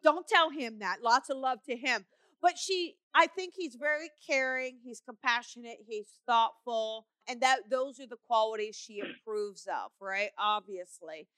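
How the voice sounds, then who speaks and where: A middle-aged woman hosts a call-in show as a psychic medium, passing on reassuring messages to callers. Her voice is bright and crisp, a little higher than most. The sound is dry and close. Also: measured pace, dry recording. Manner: warm, reassuring, calls callers honey. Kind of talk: call-in radio show reading.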